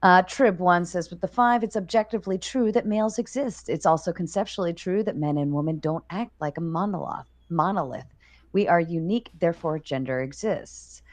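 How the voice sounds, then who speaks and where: A woman's voice: on the low side, a little fast. A woman on a livestream reading viewer messages aloud in a dry, exasperated way. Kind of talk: livestream chat.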